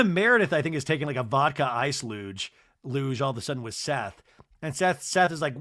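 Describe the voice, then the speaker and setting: A man's voice: fairly high pitch, a little fast. A young man hosting a comedy podcast, recapping a reality show and acting out the cast's lines with exaggerated voices. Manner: animated, mimics cast members with exaggerated voices and laughs.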